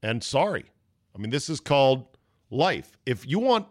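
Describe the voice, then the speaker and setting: A man's voice: medium pitch, sing-song, measured pace, no room sound. A man hosting a sports talk show in an opinionated monologue, blunt and sarcastic. He swings into mock voices for the people he quotes. The studio sound is dry and close, with no room around him.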